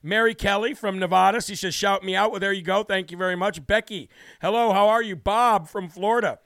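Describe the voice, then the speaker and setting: A man hosting a live political talk show, brash and emphatic, hammering points with repetition and reading out viewer shout-outs. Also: high voice, steady tone, fairly quick, dry recording, studio quality. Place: New Hampshire studio.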